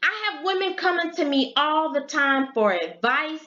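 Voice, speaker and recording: A woman's voice: high-pitched, normal speed. A middle-aged woman telling a story and giving blunt, profane advice in casual vlog talk. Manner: blunt and profane, animated retelling. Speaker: vlogger giving advice to sex workers. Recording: echoey room, dull lo-fi sound.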